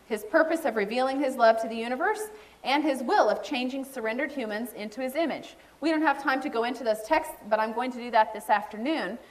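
Middle-aged woman preacher with a slightly high voice, animated and storytelling, acting out quotes mid-sermon. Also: fairly quick.

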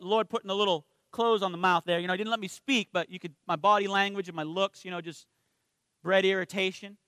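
A man preaching with a high, bright voice in a dry, close sound. He keeps it conversational and asks his listeners for an "amen" now and then. He slows right down and goes quiet when he lands a spiritual point. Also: smooth, no echo. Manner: conversational, asks the congregation for responses. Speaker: minister. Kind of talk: sermon with personal stories.

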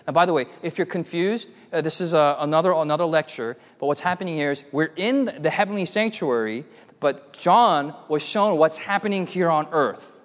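A man preaching a lively sermon, telling a playful story and calling on the audience for amens. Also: fairly high pitch, moderate pace, long reverb tail. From United States.

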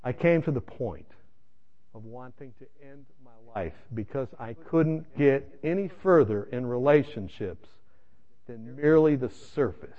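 A man's voice: mid-range voice, expressive, a little slow, lo-fi sound. A man preaching his personal testimony, telling his story in an emphatic way and speaking straight to his listeners. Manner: emphatic storytelling addressing the audience directly. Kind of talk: sermon testimony.

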